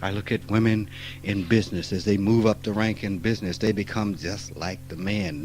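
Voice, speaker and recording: A man, giving a spiritual talk in a blunt, profane, emphatic way that swings from quiet asides to loud outbursts. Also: fairly low pitch, steady tone, moderate pace, soft background music, poor audio. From rural Mississippi. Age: 50s. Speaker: spiritual teacher. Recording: archival 1989 talk recording.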